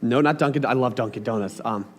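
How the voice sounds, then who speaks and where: Speaking fast at medium pitch, a man delivers a chatty, casual sermon directly to his congregation. He is animated, full of asides and questions aimed at the audience.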